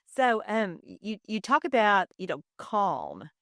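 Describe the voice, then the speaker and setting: A woman's voice: mid-range voice, wildly swooping pitch, unhurried, vocal fry, a bit bright, no room sound, clean studio sound. A middle-aged woman, a dentist, hosting a podcast interview in a conversational, emphatic way.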